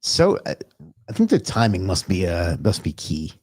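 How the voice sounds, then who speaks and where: A man's voice: low voice, huge pitch swings, normal speed, a little mellow, husky, no echo. A man hosting a casual livestream, greeting viewers by name and chatting loosely, with the odd curse. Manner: loose and chatty, swears, talks to himself. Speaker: livestream host.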